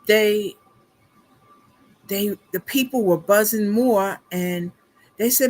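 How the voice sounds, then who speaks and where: A middle-aged woman hosting a casual livestream, telling a family story in a chatty, animated way, laughing along and calling her viewers y'all. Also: medium pitch, slow pace, long pauses. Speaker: beauty consultant livestream host.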